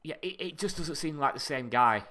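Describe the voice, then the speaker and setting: Bright British man, rambling and profane. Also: fairly high pitch, lively intonation, brisk. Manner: rambling, profane, drifts into tangents. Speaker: podcast co-host. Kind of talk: casual chat.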